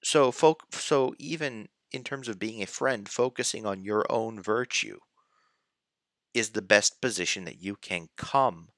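A man talks through ideas at an unhurried, deliberate pace in a casual discussion. His voice is bright and a little tense, fairly low, and he often restarts mid-thought. The sound is dry and close. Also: no echo. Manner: slow, hesitant, with restarts and sighs. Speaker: co-host of a philosophy discussion.

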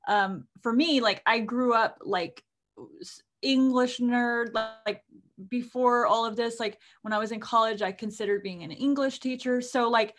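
A woman's voice: a little high, fairly even intonation, unhurried, fairly bright tone. A woman author co-hosting a casual podcast, talking in a chatty, rambling way full of fillers. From United States. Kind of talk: casual chat.

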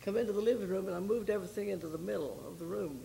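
An older woman, a missionary, giving a folksy personal testimony to a women's group, telling her story with pauses and repeated starts. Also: mid-range voice, gravelly, mellow, a little hiss or hum, low-quality recording. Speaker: missionary speaker.

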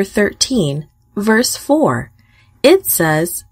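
A woman telling a Bible story for children in a gentle, expressive reading. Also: lowish voice, takes it slowly, soft background music. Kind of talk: scripted narration for children.

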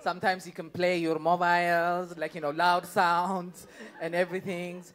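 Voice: medium pitch, level tone, normal speed, fairly bright tone. A stand-up comedian doing a live set on a club stage, chatty and laughing along, with constant "like, you know" fillers.

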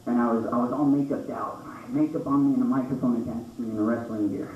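A man doing a stand-up comedy set on a small club stage, jumping into high squeaky voices for the characters in his stories. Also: steady tone, fast. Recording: roomy, distant, dull club recording with noise.

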